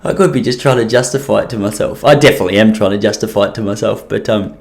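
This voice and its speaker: A man's voice: fairly low pitch, fast talker, gravelly, a little mellow. A man hosting a solo podcast, rambling and self-deprecating, with many restarts. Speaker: podcast host.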